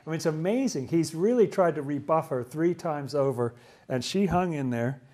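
A man's voice: on the high side, animated, normal speed, mellow. Enthusiastic man leading a Bible study. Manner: enthusiastic, asks questions as he explains. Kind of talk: casual Bible study commentary.

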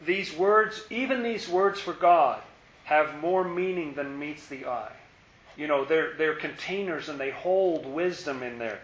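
A man's voice: a little high, measured pace, fairly bright tone. A man leading an informal Bible study, thinking aloud and asking rhetorical questions. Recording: roomy, dull lo-fi recording.

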